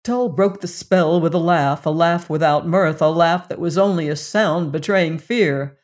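A narrator hosting and reading a western novel aloud in a measured, deliberate manner. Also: medium pitch, steady tone, a little mellow. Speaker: audiobook narrator and show host.

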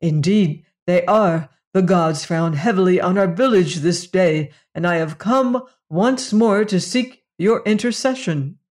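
Narrator plays solemn, formal alien man; unhurried, measured delivery. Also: mid-range voice, a little mellow, natural voice. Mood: grave. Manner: formal, old-fashioned speech. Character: grave, formal male alien villager.

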